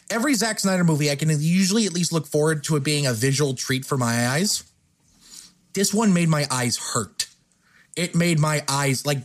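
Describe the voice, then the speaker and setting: Male podcast host, fairly high voice, lively pitch, blunt, profane, casual film chat. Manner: blunt, profane, self-correcting.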